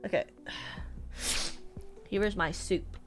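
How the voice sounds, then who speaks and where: Speaking extremely slowly in a steady, medium-pitched voice, a young VTuber with a West Coast American accent chats casually on her stream with soft music behind her. Her talk rambles, full of fillers and restarts.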